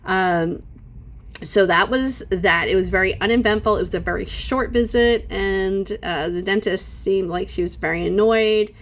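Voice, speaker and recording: There's a little hiss or hum behind this middle-aged vlogger's mid-range voice as she talks at a moderate pace. In her unscripted home video she's casual and sassy, acting out quotes in exaggerated voices.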